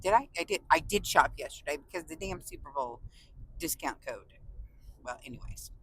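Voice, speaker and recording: A woman's voice: deep voice, animated, normal speed, slight background noise, poor audio. A woman from California vlogging to her viewers in a casual, gushing, emotional way, often close to tears and laughing. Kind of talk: casual chat to camera.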